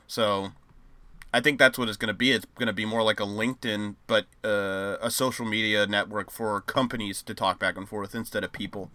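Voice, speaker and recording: A man's voice: lowish voice, fairly even intonation, brisk, pushed and bright, no room sound. A man co-hosting a casual podcast who reads news items aloud and rambles jokily, with many fillers. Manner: rambling, filler-heavy, jokey. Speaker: podcast co-host.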